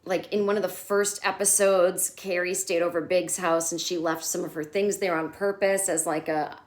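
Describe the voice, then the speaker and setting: A woman's voice: on the low side, fairly even intonation, normal speed. Candid, sarcastic woman recapping TV. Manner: candid, sarcastic, swears freely. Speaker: comedian host. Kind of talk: casual TV recap chat.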